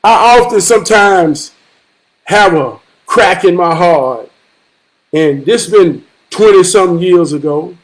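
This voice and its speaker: A man in his forties telling a personal story in an emphatic, profane way, moving from low and reflective to loud outbursts. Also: takes it slowly, poor audio. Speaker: vlogger.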